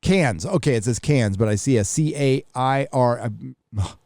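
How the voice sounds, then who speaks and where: A man's voice: mid-range voice, normal speed, warm tone, no echo, studio quality. A man hosting a livestream, casually reading viewer messages aloud and riffing on them with offhand swearing. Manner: offhand, swears freely, reads messages aloud then riffs. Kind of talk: casual live chat.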